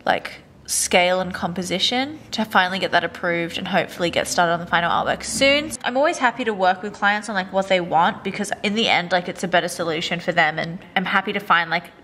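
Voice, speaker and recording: Relaxed woman narrating her sketch work. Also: fairly low pitch, a little fast, few pauses, slight background noise. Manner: relaxed, filler-heavy explaining. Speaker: illustrator and vlog host. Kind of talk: casual voice-over about her sketches.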